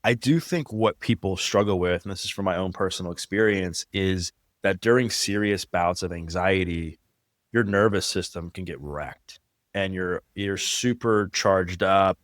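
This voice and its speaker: Male host, very deep voice, casual filler-heavy questions, dry sound. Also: a little slow, no room sound. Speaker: podcast host. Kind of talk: conversational interview.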